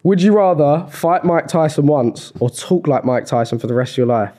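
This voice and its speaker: A man's voice: fairly high pitch, lively intonation, normal speed, warm tone. A young man hosting a podcast, chatting in loose banter and going off on tangents. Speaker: podcast host. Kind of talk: casual podcast chat.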